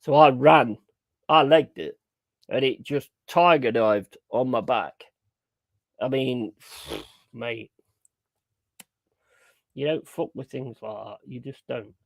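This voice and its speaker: Young guy, casual streamer chat, gravelly, blunt and sweary. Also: mid-range voice, slow, long pauses, dry recording, highs cut off. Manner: blunt, sweary, emphatic repetition. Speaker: streamer hosting a football watchalong.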